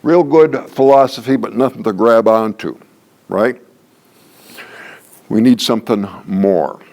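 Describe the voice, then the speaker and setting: A man's voice: fairly low pitch, a little slow, gravelly, darkish tone. An older man leading a training workshop, teaching in a folksy, joking way and repeating his key points for emphasis. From Canada. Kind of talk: workshop lecture.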